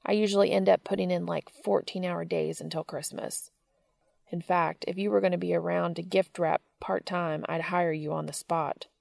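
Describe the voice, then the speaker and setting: A woman's voice: lowish voice, fairly even intonation, moderate pace, vocal fry, darkish tone, no echo. A woman reading the lines of a bantering, self-deprecating adult man in a story, in her own voice. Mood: rueful. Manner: bantering, sarcastic.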